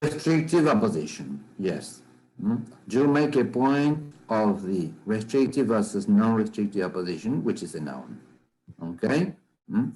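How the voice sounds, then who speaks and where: Male grammar teacher, slow and deliberate, mellow low-toned voice, keeps checking the class understands. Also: big pitch swings, low-quality recording. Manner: measured, often checks understanding with "okay?" and "right?".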